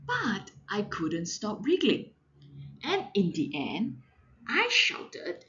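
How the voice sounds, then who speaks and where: A woman, a mother, reading a children's storybook aloud in a slow, very expressive, sing-song way. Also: mid-range voice, muffled recording. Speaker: mother reading to her daughter.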